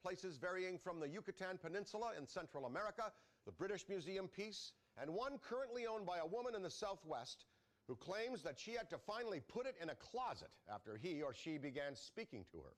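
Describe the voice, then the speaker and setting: A man narrating an advertisement in a solemn, earnest, measured way. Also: sits high, sing-song. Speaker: commercial narrator.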